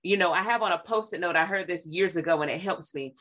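A woman talks about faith in a lively, conversational preaching way. Her voice is bright and forward. She quotes scripture and acts out little scenes as she goes. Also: lowish voice, fast talker. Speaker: co-host sharing devotional reflections.

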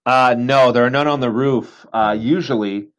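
A man's voice: medium pitch, normal speed, a bit bright. Exasperated swearing man. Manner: profane, exasperated, laughing often. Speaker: podcast co-host. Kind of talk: casual podcast banter.

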